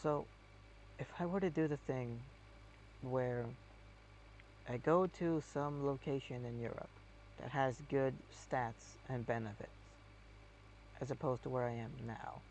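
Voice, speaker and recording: A man's voice: mid-range voice, steady tone, unhurried, pauses often, a little mellow, slight background noise. A man chatting casually while playing a game. He rambles and hesitates, with many fillers. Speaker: game streamer.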